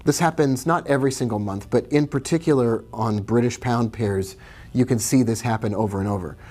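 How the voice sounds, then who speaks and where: A man's voice: mid-range voice, a little fast, mellow. A man hosting a live trading stream, chatting casually, reading viewer questions and greeting them by name as he walks through charts.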